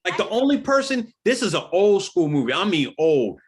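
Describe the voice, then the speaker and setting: A man's voice: sits high, very animated, normal speed. A man co-hosting a casual group chat, telling stories animatedly with hesitant fillers. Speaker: co-host.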